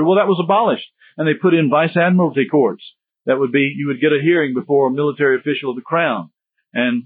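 A man's voice: mid-range voice, husky. A man giving a history lecture in a conversational, digressive way with joking asides. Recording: tinny phone-like dry sound.

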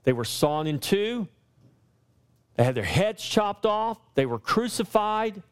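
A man preaching a sermon to his church, his voice sitting a little high for a man. He builds his points through repeated, rising lines. When he quotes scripture, he slows down and leans on each word. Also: sing-song, smooth. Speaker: pastor.

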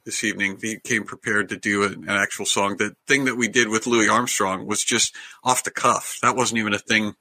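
A man's voice: lowish voice, fairly even intonation, fairly quick, hardly any pauses, bright, forceful tone. A man hosting a casual video-call chat, talking in a hesitant, chatty way and laughing often. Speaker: host.

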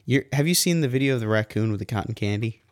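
A man's voice: medium pitch, animated, fast talker, dry recording, studio quality. A man co-hosting a casual podcast, telling stories playfully. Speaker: podcast co-host.

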